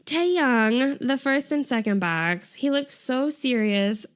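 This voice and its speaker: Retelling an episode on her casual podcast, a young co-host tells the story animatedly, laughing a lot and using "like" constantly. Her voice sits high and sounds smooth, and she speaks slowly.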